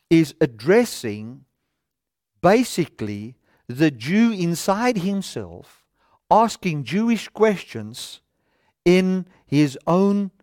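A male preacher delivers a sermon from a studio stage. He reads scripture aloud, then argues it through with rhetorical questions. His voice sits a little high and swings widely in pitch, and the room sounds dry and close. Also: darkish tone, no echo.

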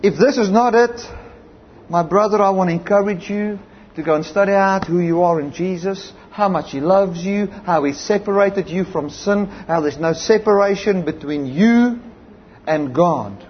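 A man's voice: sits high, moderate pace. A man with a South African accent preaching a sermon, telling stories with emphasis and saying amen and hallelujah. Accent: South African English. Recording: slightly dull lo-fi recording with faint background noise.

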